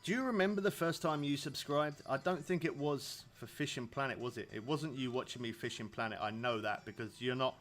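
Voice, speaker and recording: A man's voice: medium pitch, brisk, few pauses, a bit bright. A man in his thirties from England, rambling casually to his viewers while streaming a fishing game. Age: 30s. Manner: rambling, chatty, laughs often. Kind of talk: casual live-stream chat.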